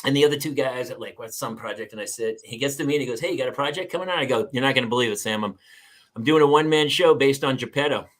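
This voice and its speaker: A man's voice: mid-range voice, racing. A man hosting a casual podcast, an actor telling funny stories with lots of laughter. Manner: animated storyteller, laughs often. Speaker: podcast host. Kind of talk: casual chat, storytelling.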